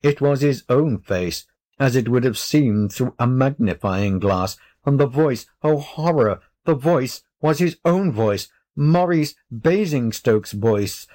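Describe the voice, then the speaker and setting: A man reading a children's story aloud as narrator, measured and deliberate. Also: mid-range voice, lively intonation, warm tone.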